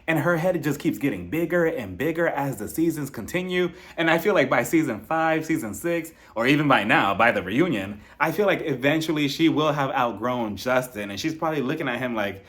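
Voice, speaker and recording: A man casually reviewing a reality show on his channel, animated and joking with frequent laughs. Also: mid-range voice, fairly quick, few pauses. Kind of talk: casual commentary.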